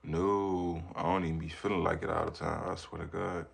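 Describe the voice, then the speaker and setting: A man's voice: low-pitched, level tone, moderate pace, gravelly, husky. A man, a parent, chatting casually on a livestream, rambling and reacting to viewers' comments. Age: adult with children. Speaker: livestreamer reading chat. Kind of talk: casual live chat.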